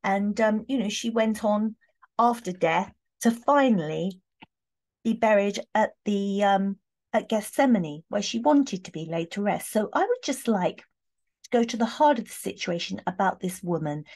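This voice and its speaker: A woman chatting warmly through a tarot reading, heartfelt, with many fillers and restarts. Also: mid-range voice, expressive, unhurried. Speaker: tarot reader. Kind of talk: casual tarot reading talk.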